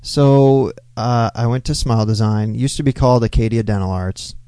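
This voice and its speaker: A man's voice: mid-range voice, normal speed, mellow, no echo. A man co-hosting a casual podcast, telling stories in a laid-back way and swearing often, close to the mic. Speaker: podcast co-host. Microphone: close studio mic.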